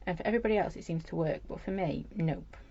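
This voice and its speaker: Chatty woman demonstrating crafts, gravelly voice. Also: fairly low pitch, quick pace, dark tone. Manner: chatty, rambling, talks while working. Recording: dull lo-fi livestream audio with faint noise.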